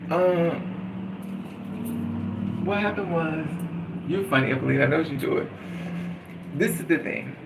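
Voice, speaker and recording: A man speaks in an earnest, rambling way, repeating phrases like a chant. His voice is gravelly and a little high for a man. He sounds some distance from the mic, with plain background noise. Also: unhurried, pauses often. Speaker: vlogger. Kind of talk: casual spiritual monologue. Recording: noisy, from a distance.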